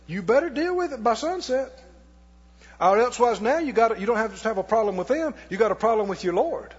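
A pastor preaches a sermon in a church, his high, slightly husky voice trading folksy call-and-response with the congregation at a brisk, lively clip. The recording sounds dull and lo-fi, with a long hall reverb trailing every phrase.

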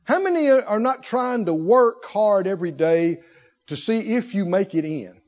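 A man preaching a sermon in an animated way, firing rhetorical questions and breaking into laughter. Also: sits high, moderate pace. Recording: dull lo-fi recording.

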